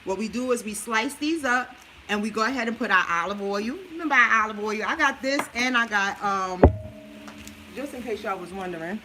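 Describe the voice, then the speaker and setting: A woman's voice: on the high side, fairly quick, very noisy. A busy mom chatting through a meal plan while she cooks, coaching her viewers in a casual, chatty way. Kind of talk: casual cooking livestream.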